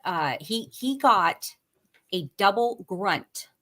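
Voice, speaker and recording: A woman guest in a casual podcast conversation, talking haltingly with many fillers and restarts. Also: mid-range voice, expressive, fairly bright tone.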